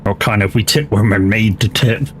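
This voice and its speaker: A man's voice: lowish voice, moderate pace, slight background noise. An English man and gaming streamer in casual chat during a livestream, rambling and chatty, swearing freely. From England. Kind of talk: casual chat while live-streaming a driving game.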